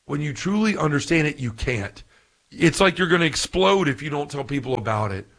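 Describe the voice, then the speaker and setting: A man preaching earnestly on a podcast, getting excited and repeating himself. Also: on the high side, fairly quick, creaky. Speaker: podcast speaker on faith. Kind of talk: preaching commentary.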